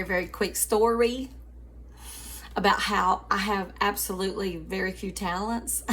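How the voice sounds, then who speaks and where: A woman's voice: medium pitch, fairly bright tone. A woman host telling a story in a devotional chat, calling her listeners sweeties and family and often laughing.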